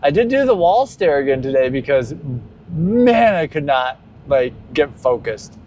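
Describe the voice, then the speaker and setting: A man's voice: sing-song, unhurried, a little mellow. Man talking candidly in a car. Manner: candid and rambling, breaking into high exaggerated quotes. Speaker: vlogger. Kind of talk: casual spoken monologue. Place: inside a car while driving. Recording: car recording with faint road noise. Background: faint vehicle noise.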